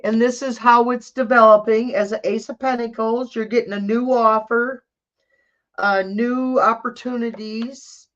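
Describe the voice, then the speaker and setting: A woman's voice: fairly high pitch, fairly even intonation, measured pace, a bit bright, lo-fi sound. A woman doing a live tarot reading, chatting casually and thinking aloud as she corrects herself. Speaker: tarot reader.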